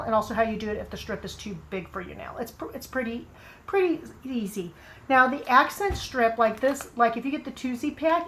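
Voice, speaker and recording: A woman casually demonstrating how to apply nail strips, chatting and rambling with friendly asides, a frog in her throat that makes her clear it now and then. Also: medium pitch. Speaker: nail product seller demonstrating application.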